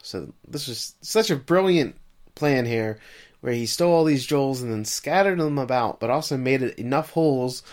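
A man with a middle-pitched voice co-hosts a casual podcast. He walks through the episode's plot step by step, then turns to his co-host with questions. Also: animated, moderate pace. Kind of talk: casual recap chat.

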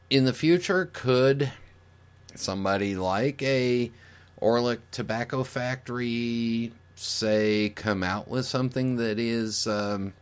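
A man speaking as a guest on a podcast, giving his opinion in a casual, explanatory way and thinking aloud with fillers and restarts. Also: on the low side.

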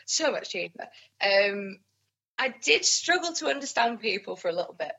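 A woman from southern England with a southern accent mixed with northern English, a podcast guest and musician, chatting in a playful, giggly way with a husky voice. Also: medium pitch, sing-song, moderate pace, bright, forceful tone. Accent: southern English with picked-up northern English. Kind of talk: casual chat. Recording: dull lo-fi sound.

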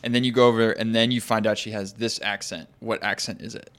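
A man's voice: fairly low pitch, steady tone, fast talker, fairly bright tone, smooth. A man hosting a casual podcast chat, rambling with many fillers while asking his guest questions. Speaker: podcast host. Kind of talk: casual conversational interview.

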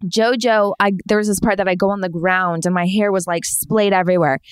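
A woman's voice: mid-range voice, brisk, clean tone, no echo, studio quality. A woman on a podcast, chatting casually and acting out quotes with lots of laughter. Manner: animated, acts out quotes, laughs often. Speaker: podcast guest. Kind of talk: casual storytelling chat.

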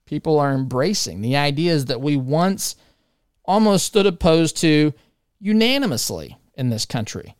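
A man's voice: medium pitch, clear, resonant tone, no room sound, studio quality. A man hosting a talk show, giving opinionated political commentary in a conversational way and addressing listeners as his friends.

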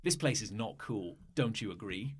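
A man's voice: lowish voice, lively intonation, normal speed, husky. A man voicing a cocky teenage rebel boy from a dating game, swaggering and casual.

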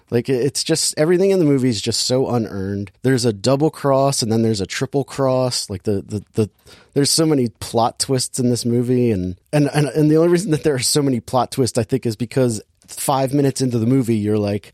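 A man's voice: mid-range voice, brisk, darkish tone, no echo, studio quality. A man hosting a casual movie review chat, exasperated and sarcastic, acting out lines from the film. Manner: exasperated, sarcastic, acts out quotes. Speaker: movie podcast host.

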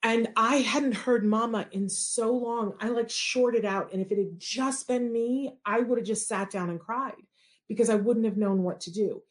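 A woman telling a personal story as a parent, animated and acting out the quoted dialogue. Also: a little high, moderate pace.

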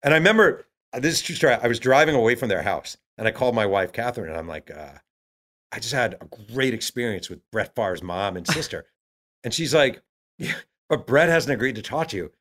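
A man, an author guest in an interview, telling stories in a lively way and acting out what others said. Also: mid-range voice, quick pace. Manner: acts out quotes of others, many fillers. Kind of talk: animated storytelling.

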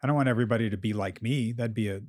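A man co-hosting a podcast as a therapist, talking candidly in a relaxed chat and acting out quotes from clients. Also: fairly low pitch, rapid-fire, no echo, studio quality. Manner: candid, swears freely, acts out client quotes.

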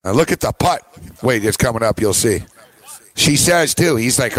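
A man co-hosting a casual sports talk show, telling a story with excited, laughing play-by-play. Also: medium pitch, moderate pace, no room sound, low-quality recording. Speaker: sports radio co-host.

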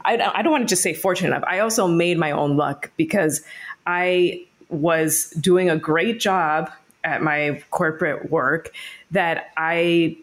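A woman in her thirties talks as a comedian guest in a relaxed interview. She is playful and animated and laughs easily between her stories. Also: on the low side. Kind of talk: casual interview chat.

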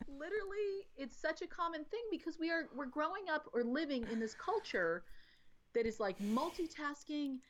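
A woman guest talking about parenting in a casual podcast chat, explaining in an animated way and acting out little quotes. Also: high voice, moderate pace, a little hiss or hum. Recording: dull lo-fi audio.

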